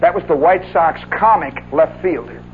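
A man telling a long story in an animated, folksy way, often adding "see" and "oh, yeah". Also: fairly high pitch, normal speed, phone-quality sound, faint music behind. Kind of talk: spoken monologue recollection.

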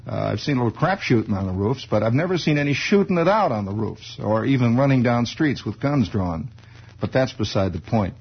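Heard on a dull, lo-fi old radio recording, this man rambles through a comic storytelling monologue that is wry, digressive and conversational. He speaks at a moderate pace in an animated, slightly rough voice of medium pitch.

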